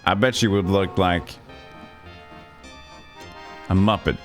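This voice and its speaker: Deep-voiced man streaming a retro game. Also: fairly even intonation, slow, faint music behind. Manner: chatty, laughs at the jokes, reads narration aloud. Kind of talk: livestream gameplay, reading game text aloud.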